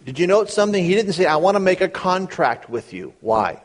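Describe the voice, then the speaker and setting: A middle-aged man preaching a sermon, reading scripture slowly and then explaining it in quick, casual asides. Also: high voice, sing-song. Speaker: pastor.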